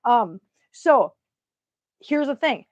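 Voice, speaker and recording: A woman's voice: on the high side, big pitch swings, very slow, no echo, highs cut off. Chatty Minnesotan woman livestreaming. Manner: chatty, storytelling, greets viewers warmly. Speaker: livestream host. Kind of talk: casual livestream chat.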